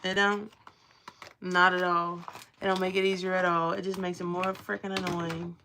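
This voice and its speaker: Young southern gal rambling on her livestream, bright voice with some gravel in it. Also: on the low side, little pitch movement, moderate pace, slight background noise. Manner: chatty, rambling, drawling and playful. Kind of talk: casual chat with live chat.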